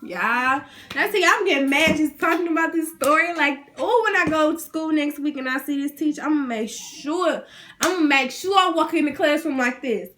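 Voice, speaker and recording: A young woman, ranting to her viewers in an animated, indignant, slangy way. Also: sits high, moderate pace. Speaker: vlogger. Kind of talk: casual rant to camera.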